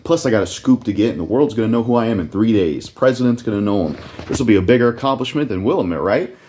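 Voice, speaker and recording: A man's voice: fairly low pitch, lively intonation, quick pace, a little mellow, a little hiss or hum, close to an everyday voice. A man casually voicing a cocky, profane male photojournalist hero from a video game, in close to his own voice. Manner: brash, profane, swaggering.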